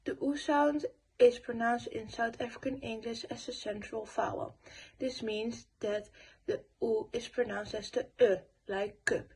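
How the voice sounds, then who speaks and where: A young woman giving a school presentation voice-over, reading her notes with pauses and fillers. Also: a little high, steady tone, darkish tone, breathy edge, rough recording. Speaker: student presenter.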